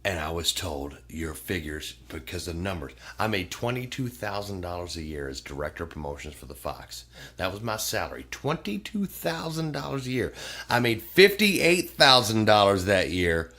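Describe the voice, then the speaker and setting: A middle-aged man appears as a podcast guest, speaking in a deep voice at a moderate pace. In casual chat he tells stories animatedly, acting out the voices of the people in them and swearing freely.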